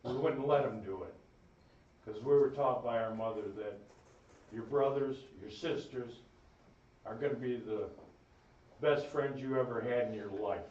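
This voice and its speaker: A man's voice: mid-range voice, a little slow, long pauses, darkish tone. A man giving a funeral eulogy for his brother, telling folksy, rambling family stories. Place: funeral home chapel. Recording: echoey room, distant mic, dull sound.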